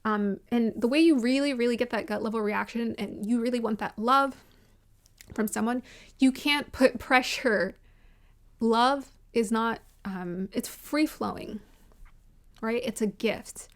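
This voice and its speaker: A woman with a fairly high voice talks straight to her viewers in a casual, opinionated review. She is emphatic, circles back to repeat her points and laughs easily between them. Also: a little slow. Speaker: vlogger reviewing a reality show.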